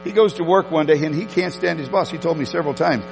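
A male pastor preaches with a high, lively voice, repeating points for emphasis as he tells a story. His words ring out in a hall with long reverb. Faint music plays underneath. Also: fast, gravelly. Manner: animated storytelling, emphatic repetitions. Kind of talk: sermon.

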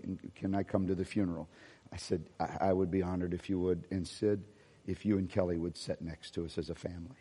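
Pastor preaching in a reverberant hall. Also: male voice, lowish voice, mellow. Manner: storytelling, dropping to near-whispers and rising to emphatic peaks. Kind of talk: sermon.

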